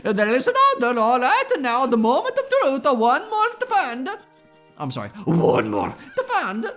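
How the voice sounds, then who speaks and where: Man doing a squeaky whooping ranch owner. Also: huge pitch swings, unhurried, fairly bright tone, faint music behind, full character voice. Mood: jolly. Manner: hammy, hooting laughs. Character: jolly middle-aged male ranch owner.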